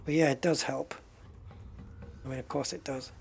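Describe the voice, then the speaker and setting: A man's voice: mid-range voice, steady tone, normal speed, gravelly, slight background noise. A man chatting casually while streaming a space game, joking and exclaiming at prices. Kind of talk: casual gameplay commentary.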